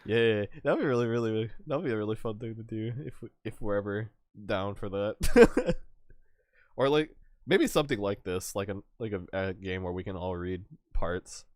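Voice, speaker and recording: A man's voice: fairly low pitch, normal speed, no room sound. A man hosting a stream, chatting casually and laughing often between rambling, restarting sentences. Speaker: streamer host. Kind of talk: casual chat.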